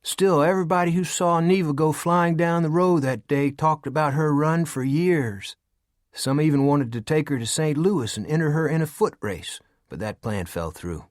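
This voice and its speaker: A man reading an audiobook in an even storytelling manner. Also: on the high side, moderate pace, no echo, clean studio sound. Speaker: audiobook narrator. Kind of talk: scripted narration.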